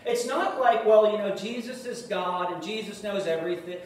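A man preaching a sermon in earnest, rising to loud emphasis and dropping to hushed asides. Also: high-pitched, fairly even intonation, moderate pace. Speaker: pastor. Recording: echoey room, mic at a distance, faint noise.

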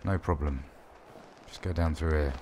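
A man giving wry, sarcastic let's-play commentary while playing a horror game, swearing often and yelling when startled. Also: extremely low pitch, moderate pace, slight background noise. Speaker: gaming video host.

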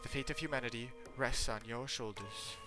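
A man doing a mock British accent as an earnest young male headmaster, speaking slowly and pleadingly. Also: medium pitch, over music, voice pushed up, natural voice. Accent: attempted British.

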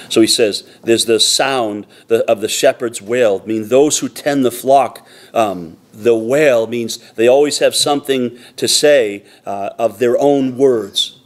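A pastor preaching a sermon in a church, earnest and emphatic, repeating phrases for weight. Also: male voice, mid-range voice, a little slow. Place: church sanctuary.

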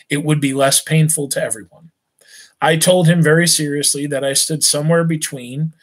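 A male teacher reading a novel aloud to his class, steady and unhurried, now and then stumbling and restarting a word. His voice sits a little high for a man. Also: husky.

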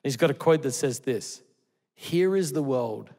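Pastor preaching in a reverberant hall. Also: male voice, mid-range voice, expressive, a little slow. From Australia. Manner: earnest storytelling, swings between loud exclamations and hushed tender lines. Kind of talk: sermon.

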